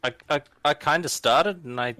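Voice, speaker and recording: Hesitant bright-voiced Australian man. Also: on the high side, normal speed. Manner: hesitant, lots of ums and restarts, self-deprecating. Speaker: podcast co-host. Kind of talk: casual group chat.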